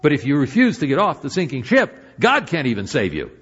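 An older man preaching a sermon as pastor, moving between emphatic points and hushed, quiet stretches. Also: fairly high pitch, wildly swooping pitch, a little fast, slightly rough, dull audio.

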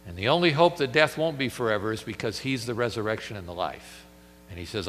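Male preacher with a forceful voice, emphatic sermon delivery with dramatic pauses and a long hall echo. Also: on the low side, expressive, slight background noise.

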